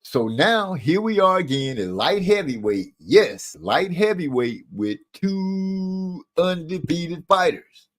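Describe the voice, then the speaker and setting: A man's voice: high voice, animated, slow pace. A man hosting a casual boxing live stream from a room at home, talking in a rambling way with lots of fillers and restarts.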